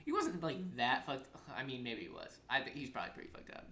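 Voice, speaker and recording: A young adult spins a story in loose podcast chat, acting out every quoted line. The tone is bright and forward, the pitch sits in the middle, and the talk is peppered with "like" and curse words. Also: quick pace, a little hiss or hum. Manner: animated storytelling, acts out quotes, swears freely, heavy filler "like".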